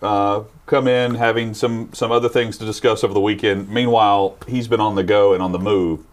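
A man's voice: fairly low pitch, fairly even intonation, a little fast. A man co-hosting a talk show, dryly steering the chat with pointed questions. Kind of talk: casual talk show banter.

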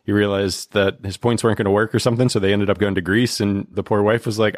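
Brief: male co-host, lowish voice, close and dry, calm and measured. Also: dry recording. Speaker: podcast co-host. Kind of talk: casual podcast talk.

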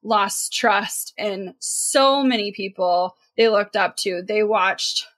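A woman's voice: mid-range voice, takes it slowly, fairly bright tone. A woman co-hosting a podcast, talking earnestly and emphatically in casual chat, with frequent filler words. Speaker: podcast co-host.

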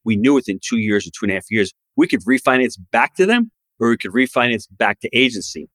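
A man's voice: medium pitch, expressive, fast talker, fairly bright tone, dry recording. A man who is a guest on a podcast, talking about real estate investing in an emphatic, promotional way. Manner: emphatic, promotional advice-giving. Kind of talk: podcast interview.

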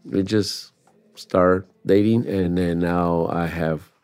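Older man, low voice, animated storyteller, music under him. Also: takes it slowly, smooth. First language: Spanish. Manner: animated, acts out quotes, says "you know". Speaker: interviewee. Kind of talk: storytelling interview.

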